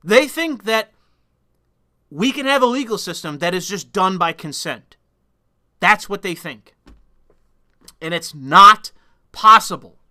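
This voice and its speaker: A man's voice: high voice, expressive, slow, long pauses, bright, forceful tone. Blunt, profane male commentator. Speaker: political commentator. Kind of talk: solo commentary rant.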